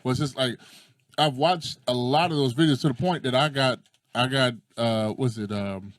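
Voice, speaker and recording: A man's voice: mid-range voice, normal speed, no echo, studio quality. A man in casual chat, telling stories with lots of energy, acting out quotes and swearing freely. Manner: animated storyteller who acts out quotes and swears freely.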